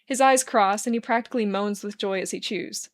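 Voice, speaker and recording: A woman reading a fan fiction story aloud in a steady, even narration. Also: mid-range voice, brisk.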